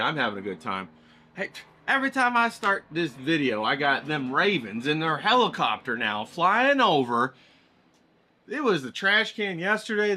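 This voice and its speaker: A man's voice: fairly high pitch, sharp tone. A middle-aged man vlogging about watercolor, giving a hyped, folksy pep talk straight to his viewers and swearing freely. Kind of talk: casual motivational pep talk to camera.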